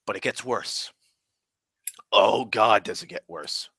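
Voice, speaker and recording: A man's voice: fairly low pitch, creaky, sharp tone, husky, dry recording, clean studio sound. Furious profane man ranting. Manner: angry, heavily profane ranting; dramatic pauses and repetition. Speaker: online ranter. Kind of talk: casual storytelling rant.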